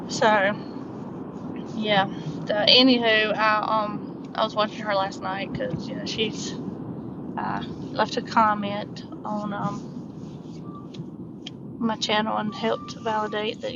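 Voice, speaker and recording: A middle-aged Southern woman from upstate South Carolina rambles on in a casual vlog, full of ums and restarts. Her voice sits at an ordinary pitch and is picked up by a mic set some way off. The recording is dull and lo-fi, with clear noise underneath. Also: level tone, takes it slowly, long pauses. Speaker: diamond painting vlogger. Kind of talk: casual chat while crafting. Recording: distant mic, muffled lo-fi sound, background noise.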